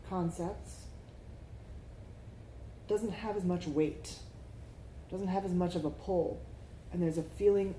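A woman's voice: mid-range voice, warm tone. A woman meditation teacher giving a reflective dharma talk, drawing answers from the group and often checking in with "right?". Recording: echoey room, faint background noise.

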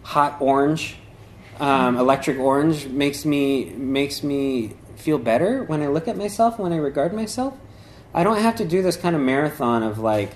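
A man's voice: mid-range voice, expressive, normal speed, a little hiss or hum. Rambling man giving a casual spiritual talk. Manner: rambling, with many fillers and restarts; acts out voices while telling a story. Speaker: dharma talk speaker.

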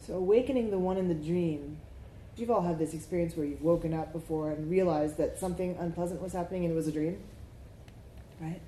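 The recording has an echoey room and a little background noise. A woman teaching meditation offers a reflective dharma talk, pulling answers from her group and checking in often with "right?", her low voice mellow and brisk.

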